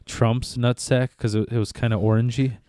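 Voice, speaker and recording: Dark-voiced man telling a rambling story. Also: medium pitch, little pitch movement, moderate pace, no echo. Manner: rambling, profane, self-interrupting. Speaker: podcast co-host. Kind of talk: casual chat, storytelling.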